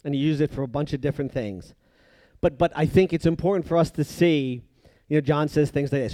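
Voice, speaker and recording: A man preaching a sermon, moving between loud emphatic passages and hushed, drawn-out phrases. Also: on the high side, no echo.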